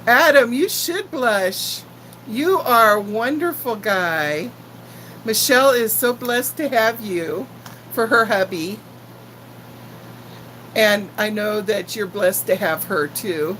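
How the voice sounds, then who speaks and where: Slow-talking chatty woman in her sixties. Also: medium pitch, expressive, bright, forceful tone, slight background noise, low-quality recording. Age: 60s. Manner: chatty and affectionate, greeting viewers by name. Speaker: channel host chatting with live viewers. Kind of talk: casual live-stream chat.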